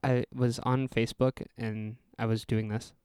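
A man's voice: medium pitch, level tone, moderate pace, a little mellow, clear, resonant tone, no echo, clean studio sound. A man co-hosting a comedy podcast, reacting with enthusiastic quips. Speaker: podcast co-host. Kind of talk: casual comedic podcast banter.

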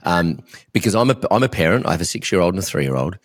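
A man's voice: low-pitched, lively intonation, fast talker. A man hosting a podcast interview, talking candidly and rambling in a self-reflective way. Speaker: podcast host.

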